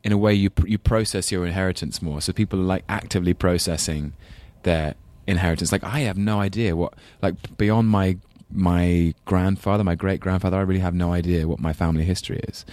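A man in his thirties with a London accent talks loosely as an interview guest, drifting between thoughts and laughing at his own stories. His voice sits very low. The sound is close and dry. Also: fairly even intonation, fairly quick, few pauses, a little mellow, no room sound. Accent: London English. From England. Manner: rambling, self-deprecating, laughs often. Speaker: actor guest. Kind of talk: casual interview chat.

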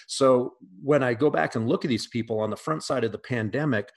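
A man's voice: medium pitch, brisk, husky. Blunt, profane man. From United States. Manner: blunt and profane, many restarts. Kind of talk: casual podcast conversation.

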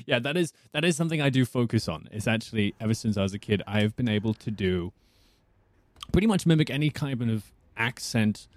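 A man's voice: medium pitch, animated, brisk, no echo. A man who is a voice actor, chatting as a guest in a casual interview, rambling and often restarting his sentences.

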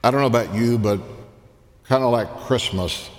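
A man preaching a sermon, slow and deliberate, rising in pitch and volume when he quotes scripture. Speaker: pastor. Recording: long reverb in a large hall.

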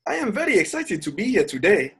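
A man's voice: sits high, very animated, fairly bright tone, husky, voice pushed up, full character voice. A man voicing a cheerful, polite speaker with a West African accent who uses stiff, formal English. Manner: slow, overly formal English.

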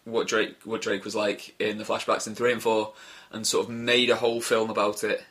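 A man with a fairly low voice co-hosting a casual podcast. He jokes quickly and often stops to restart his sentences. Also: level tone, fairly bright tone. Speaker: podcast co-host. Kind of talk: casual chat.

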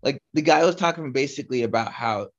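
A man's voice: medium pitch, fast. Young man rambling on a lo-fi podcast. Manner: rambling, many fillers and restarts. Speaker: podcast co-host. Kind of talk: casual chat. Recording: slightly dull lo-fi audio.

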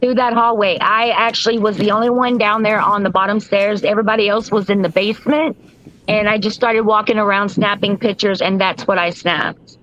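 A woman's voice: medium pitch, steady tone, a little fast, a bit bright, muffled recording. A woman co-hosting a podcast, telling how she took a photo. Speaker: podcast co-host. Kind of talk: casual chat.

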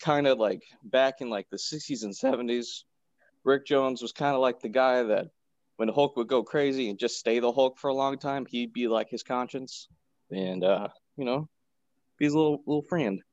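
A man of middle pitch tells a cartoon's plot in a loose, rambling way, leaning on "uh" and "like". His voice comes dry and a little muffled through a lo-fi computer mic. There is no room sound around him. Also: moderate pace, darkish tone, no echo. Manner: rambling, laid-back storytelling with filler words. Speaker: podcast co-host. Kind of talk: casual chat recapping a cartoon episode. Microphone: home computer mic on a video call.

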